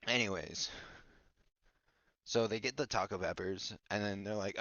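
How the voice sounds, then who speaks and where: A low-voiced man rambles through a silly story recap in a casual podcast chat, goofy and mock-bossy. The recording is dull, lo-fi and dry, with no room sound. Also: steady tone, normal speed, pauses often, fairly bright tone, no echo. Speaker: podcast host.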